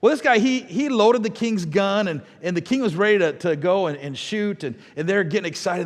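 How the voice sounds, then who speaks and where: A middle-aged man from the American Midwest, preaching a sermon with lively storytelling and asides to the congregation. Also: high-pitched, normal speed, big-room sound. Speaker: pastor. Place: church sanctuary.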